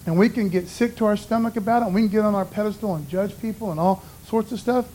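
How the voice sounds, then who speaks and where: A man's voice: high-pitched, fast talker, warm tone, a little hiss or hum, poor audio. A man giving an informal, conversational sermon in a folksy way, often dropping "man" and "you know". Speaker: preacher.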